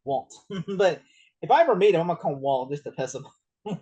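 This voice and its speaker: Rambling, joking man with a higher voice. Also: lively intonation, brisk, mellow, breathy edge. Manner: rambling, laughs often, riffs with jokes. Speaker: podcast host. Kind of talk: casual movie discussion.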